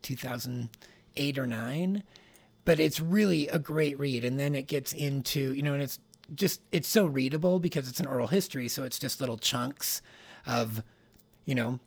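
A man's voice: medium pitch, normal speed, vocal fry, breathy edge, no echo. A man co-hosting a podcast, chatting in a rambling, easygoing way and laughing easily. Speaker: podcast co-host. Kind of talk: casual chat about pop culture.

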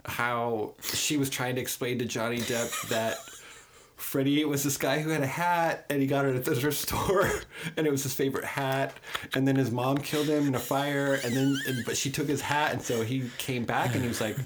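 A man's voice: mid-range voice, fairly even intonation, normal speed. A young man co-hosting a podcast, telling a rambling story with lots of jokes and laughter. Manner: rambling, joking storyteller who laughs a lot. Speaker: podcast co-host. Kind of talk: casual chat. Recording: noisy background.

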